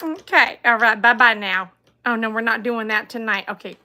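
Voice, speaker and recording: A woman chats away on her live stream in a high, bright voice. She reads viewer comments aloud, giggles often, and keeps a playful, chatty tone. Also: steady tone, normal speed. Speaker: livestream host reading chat. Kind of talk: casual live-stream chat.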